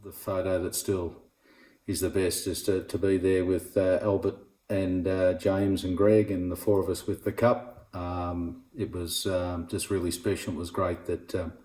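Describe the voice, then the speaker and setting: Distant, flat deep-voiced man in echo. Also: measured pace. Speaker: family member of a player. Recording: distant, echoey room.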